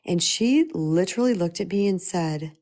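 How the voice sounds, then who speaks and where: Earnest woman coach, slightly low voice. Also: lively intonation, moderate pace, a little mellow. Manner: earnest, emphatic, repeats key phrases. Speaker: spiritual empowerment coach. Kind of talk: motivational talk.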